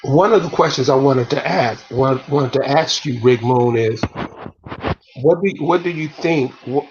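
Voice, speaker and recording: A man's voice: medium pitch, measured pace, slight background noise. A man hosting a casual call-in show who patiently repeats his questions to the caller. The audio is a dull, lo-fi call line. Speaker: host.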